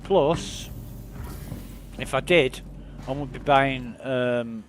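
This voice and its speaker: A man's voice: medium pitch, very slow, noisy background. A man streaming a video game, rambling casually about what he sees and swearing now and then. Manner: laid-back, rambling, swears freely. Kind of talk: casual gaming commentary.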